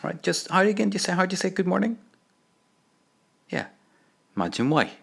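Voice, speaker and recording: A man's voice: high voice, very animated, fairly quick, creaky, a bit bright, slightly rough. A man teaching an audio language lesson, patiently prompting the listener to repeat phrases.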